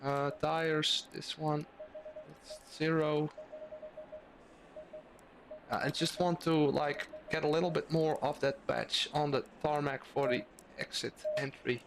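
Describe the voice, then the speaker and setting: A young man talks through his car setup and laps in a loose, rambling live-stream manner, often restarting his sentences. His voice sits a touch high for a man. Clear background noise runs under the whole recording. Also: flat delivery, slow pace. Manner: thinking aloud, casual, rambling with restarts. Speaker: sim racing streamer. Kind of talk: live-stream commentary while driving.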